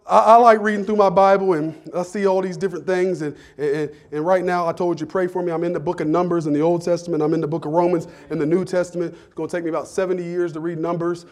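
A man's voice: high-pitched, little pitch movement, fast, hardly any pauses. A man preaching a sermon in a church, talking to the congregation in a humorous, conversational way that builds into fervor. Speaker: pastor.

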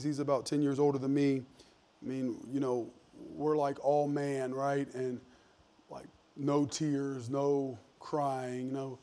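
A man's voice: on the high side, a little mellow. A man, preaching a sermon as pastor in an earnest, emphatic, conversational way with frequent restarts. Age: 40s.

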